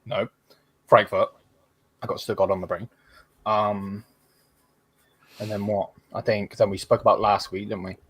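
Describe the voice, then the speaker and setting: A man's voice: fairly low pitch, little pitch movement, unhurried, long pauses, a bit bright, slightly rough, dry recording. Rambling man hosting. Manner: rambling, swears freely, many fillers. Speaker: podcast host. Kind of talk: casual football chat.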